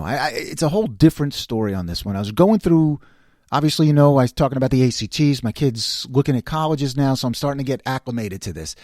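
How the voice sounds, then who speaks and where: A man in his fifties hosting his own casual talk show, rambling and self-mocking as he jumps from quiet muttering to loud exclaiming. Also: medium pitch, no echo, clean studio sound. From New York. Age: 50s. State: slight voice cracks. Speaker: host.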